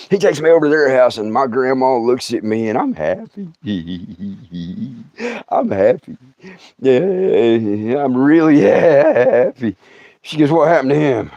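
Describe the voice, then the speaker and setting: A man's voice: medium pitch, a little mellow, no echo. A middle-aged man, who laughs often and acts out scenes while telling comic stories on a livestream. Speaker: storyteller host.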